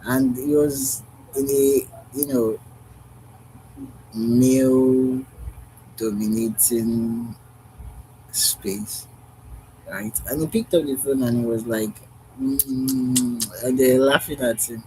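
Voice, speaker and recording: A man's voice: medium pitch, steady tone, slow pace, long pauses, dark tone, a little hiss or hum, rough recording. A man vlogging outdoors in an earnest, repetitive, musing monologue about love. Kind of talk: unscripted heartfelt monologue.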